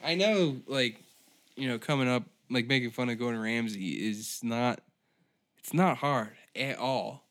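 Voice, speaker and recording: A man's voice: mid-range voice, a little slow, fairly bright tone. A man hosting a comedy podcast, ranting sardonically with heavy profanity.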